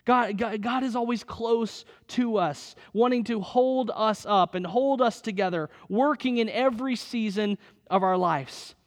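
High-voiced pastor preaching in a hall. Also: male voice, unhurried. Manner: earnest, rising to emphatic bursts, reading scripture aloud. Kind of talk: sermon.

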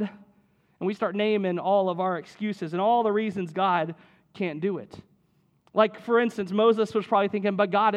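A man preaching a sermon in a conversational way, often checking in with "right?" as he reads and explains scripture. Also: high voice. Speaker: pastor.

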